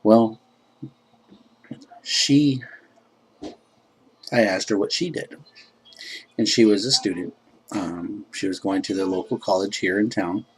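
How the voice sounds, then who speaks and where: A man's voice: lowish voice, slow, pauses often, husky. A laid-back man casually telling a rambling personal story, filled with "you know" and self-described joking.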